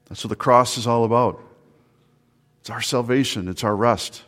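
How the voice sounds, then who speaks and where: A man's voice: medium pitch, normal speed, a bit bright, soft background music. Earnest male pastor preaching in a reverberant hall. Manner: earnest, repeats words and restarts phrases, asks the listeners questions. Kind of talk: sermon.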